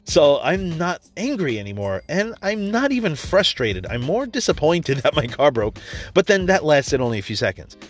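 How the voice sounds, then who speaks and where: A man's voice: fairly high pitch, sing-song, moderate pace, soft background music. A man giving a casual motivational talk, blunt and profane, telling a personal story and acting out quotes along the way. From New York area. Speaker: motivational speaker.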